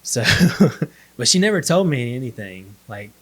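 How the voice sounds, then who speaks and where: A man talks through his own testimony as a podcast guest. He is relaxed and easygoing, with a mid-range voice, and he acts out the other people's lines as he tells it. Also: mid-range voice, measured pace. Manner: laid-back storyteller, acts out quotes. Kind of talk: casual testimony chat.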